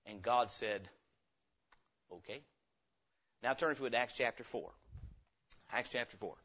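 A man preaching a revival sermon, emphatic, acting out dialogue with sudden swings between loud and hushed. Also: mid-range voice, moderate pace, dull audio.

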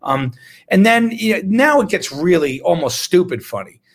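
A man's voice: sits high, expressive, normal speed. A man, a physician, giving an indignant, sarcastic talk about medical research, with bursts of laughter. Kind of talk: impassioned talk.

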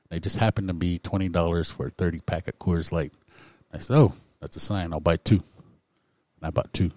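A man with a very low voice recounts his own recovery story. He talks candidly and conversationally, with lots of fillers. The sound is close and dry. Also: darkish tone, dry recording. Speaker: speaker sharing recovery story.

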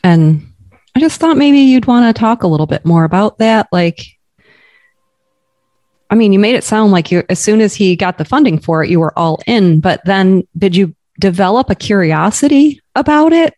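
A woman co-hosting a podcast, asking curious, gentle questions in casual conversation. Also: medium pitch, lively intonation, moderate pace, no echo. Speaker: podcast co-host.

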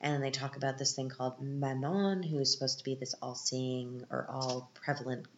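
A woman's voice: extremely low pitch, fairly even intonation, normal speed. A woman in her thirties casually recapping a film, chatty and candid with sarcastic asides. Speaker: podcast host. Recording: echoey, dull lo-fi room.

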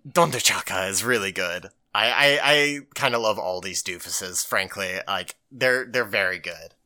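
A man co-hosting a podcast, recapping an episode in loose, animated casual chat and swearing freely. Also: low-pitched, measured pace. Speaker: podcast co-host.

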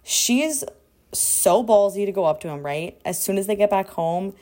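Animated young woman gushing over a movie. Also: medium pitch, moderate pace. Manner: animated, gushing, acts out scenes with quoted voices. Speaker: podcast co-host. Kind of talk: casual movie recap chat.

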